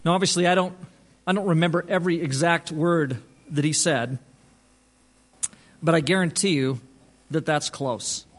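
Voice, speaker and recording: A man's voice: fairly high pitch, fairly even intonation, moderate pace, long pauses. A man who is a pastor, telling a story in a sermon in a conversational way, often restarting his phrases.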